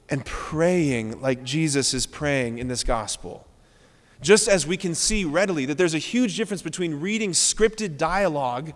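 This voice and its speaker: A Catholic priest preaches with earnest emphasis, circling back on key phrases to drive them home. His voice sits high for a man. It rings through a large church with a long reverb. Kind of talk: sermon.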